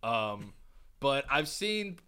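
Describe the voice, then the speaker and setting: A man's voice: medium pitch, extremely slow, clear, resonant tone. A man from New York telling a story in casual chat as a podcast co-host, swearing and acting out the people he quotes. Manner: animated, swearing, acts out quotes loudly.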